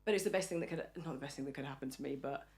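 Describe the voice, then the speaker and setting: A woman's voice: very deep voice, rapid-fire, darkish tone. An English woman in a casual podcast interview, chatty and acting out the voices of people she quotes. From England. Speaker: podcast guest. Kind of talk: casual chat.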